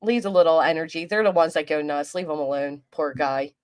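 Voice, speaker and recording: A woman's voice: low voice, quick pace, darkish tone, clear, resonant tone. A woman doing rambling livestream commentary, crude and mocking in a vulgar rant, often restarting her sentences. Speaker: commentary streamer. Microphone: desk microphone.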